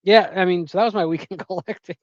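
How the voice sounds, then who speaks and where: A man's voice: high voice, fairly even intonation, fast, no echo. Man, 30s, podcast co-host, joking storyteller, dry close sound, slightly dull. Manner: joking, laughs and swears while telling stories. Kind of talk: casual chat.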